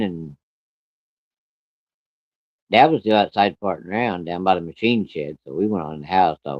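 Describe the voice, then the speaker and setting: Guy spinning a true tale, low voice, folksy and cussing, dull dry lo-fi sound. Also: moderate pace, long pauses, no echo. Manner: folksy, rough-spoken, chuckles through the telling. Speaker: storyteller. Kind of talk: casual spoken true-life storytelling.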